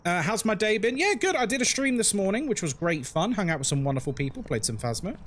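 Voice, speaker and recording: Chatty London man, lively voice. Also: high voice, quick pace, a little hiss or hum. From England. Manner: chatty and frank, answers chat while playing. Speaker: streamer. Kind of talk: live game stream chat.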